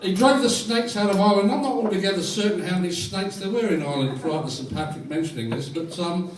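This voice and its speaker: A man serving as fines master at a club dinner, telling jokes in a dry, deadpan way to a live audience. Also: sits high, quick pace, recorded from a distance, a little hiss or hum. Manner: dry, deadpan joke delivery. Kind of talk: joke-telling fines session. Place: function room with audience. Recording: roomy hall recorded from afar with crowd.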